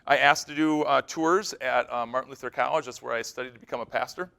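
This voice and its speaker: A male pastor giving a keynote sermon on a conference stage, telling stories in an animated way that swings between loud bursts and hushed, serious moments. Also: medium pitch, fast, vocal fry, clear, resonant tone.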